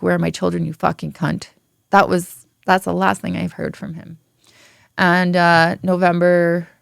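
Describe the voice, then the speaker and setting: A woman guest on a podcast, telling her story frankly and candidly, swearing freely, with halting restarts. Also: fairly low pitch, vocal fry, no echo, studio quality. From Ontario, Canada.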